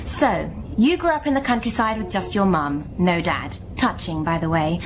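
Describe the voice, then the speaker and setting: A woman's voice: fairly low pitch, normal speed, background noise, lightly acted. An actress playing Kate, a self-centred young woman who talks bluntly and condescendingly in a radio drama.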